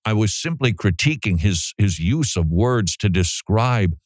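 A male talk show host with a fairly low voice that swings widely in pitch. He talks through theology casually and in an animated way. He mock-quotes the people he disagrees with. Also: measured pace, no room sound, studio quality. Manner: animated, sarcastic mock-quoting.

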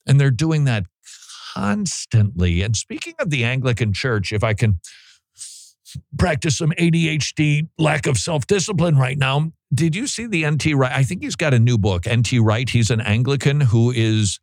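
A man's voice: medium pitch, normal speed, dry recording. Sarcastic male talk show host. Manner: sarcastic, mocking, animated. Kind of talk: opinionated commentary.

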